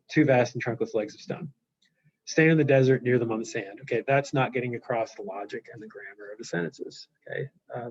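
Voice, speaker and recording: A man's voice: mid-range voice, slightly rough, dry recording. A male teacher giving a live online class lecture, explaining loosely with fillers and frequent check-ins. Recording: dull lo-fi sound.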